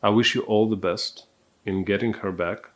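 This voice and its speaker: A man teaching a recorded dating course, speaking in a calm, deliberate, measured way. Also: lowish voice. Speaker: dating coach.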